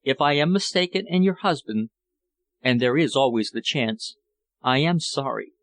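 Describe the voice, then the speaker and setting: A man's voice: mid-range voice, lively intonation, normal speed, no echo, close to an everyday voice. A man voicing a passionate, scornful foreign suitor who speaks fervently and declaims his love. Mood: tender.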